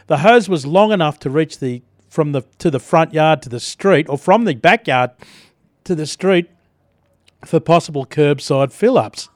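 A man's voice: a little high, no echo. A middle-aged Australian man hosting breakfast radio, telling chatty stories and reading news with frequent chuckles in a studio. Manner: chatty storyteller, chuckles often.

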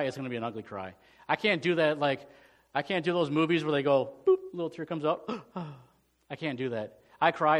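A middle-aged male pastor preaching a sermon, swinging from loud, urgent peaks to hushed storytelling. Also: fairly high pitch.

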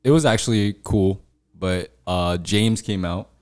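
Deep-voiced man telling a story. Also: a little slow, a little mellow, smooth. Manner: laid-back slangy storytelling, swears often. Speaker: podcast co-host. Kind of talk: casual storytelling chat.

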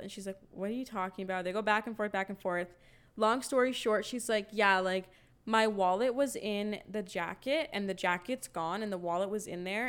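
Swearing without restraint, this young woman spins a lively, profane story in casual conversation, performing each quoted line. She has a clean, medium-pitched voice.

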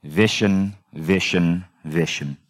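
A composed older mentor with a deep voice, as a man impersonates him. He speaks slowly and gravely, weighing each word. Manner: slow, grave, deliberate.

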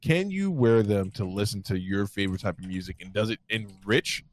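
A man's voice: lowish voice, normal speed. A man co-hosting a podcast in casual chat, rambling and laughing often while speaking into a headset. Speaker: podcast co-host.

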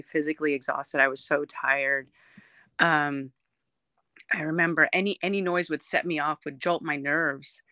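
A guest in an interview telling a personal recovery story in an earnest, emotional way, halting often with ums and restarts. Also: mid-range voice, pushed and bright, clear, resonant tone, no room sound, studio quality.

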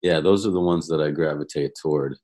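A man's voice: very deep voice, a little fast. A man guesting on a podcast, telling stories in a casual chat, laughing often and restarting his sentences. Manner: animated storytelling, laughs often; repeats words, stumbles and restarts.

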